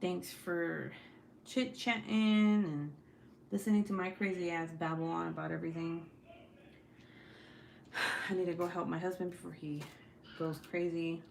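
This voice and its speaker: A woman's voice: fairly low pitch, fairly even intonation, measured pace, vocal fry, long pauses. Profane, chatty woman livestreamer in an echoey room. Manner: blunt, profane and talkative. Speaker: livestream host. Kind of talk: casual chat with live viewers. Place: home, at night. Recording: echoey room with faint background noise.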